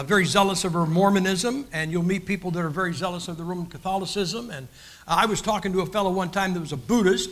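A man's voice: high-pitched, pushed and bright, slight background noise. An older man, preaching a sermon in a folksy, joking style with many restarts. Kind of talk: sermon with humorous stories.

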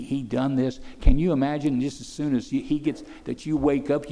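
A man's voice: mid-range voice, vocal fry, dark tone, in a large hall. A man preaching a sermon, pressing his listeners with rhetorical questions and rising to fervent peaks.

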